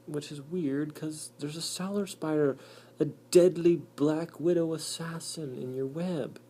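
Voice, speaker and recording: A man giving casual, excitable commentary over insect footage, muttering to himself between remarks. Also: fairly high pitch, a little slow. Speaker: channel host.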